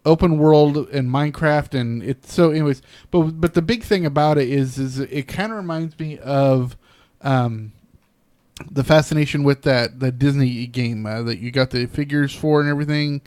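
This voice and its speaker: A man's voice: medium pitch, moderate pace, darkish tone, no room sound. A man co-hosting a casual podcast, hesitant and searching for words. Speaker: podcast co-host. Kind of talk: casual chat.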